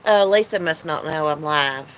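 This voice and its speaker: A woman's voice: low-pitched, moderate pace, a little hiss or hum, rough recording. A woman hosting a casual livestream chat from her porch, teasing and reading comments aloud. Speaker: channel host. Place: porch outdoors.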